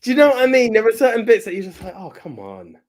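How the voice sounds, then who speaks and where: A man co-hosting a podcast in casual chat, excitable, swearing freely and acting out what others said. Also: very high-pitched, rapid-fire. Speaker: podcast co-host.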